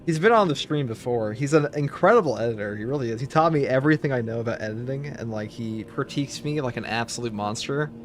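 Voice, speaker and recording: A man's voice: medium pitch, lively intonation, fast talker, few pauses, slight background noise. A man streaming a game, chatting casually and rambling with jokes and fillers. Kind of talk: casual live-stream chat over gameplay.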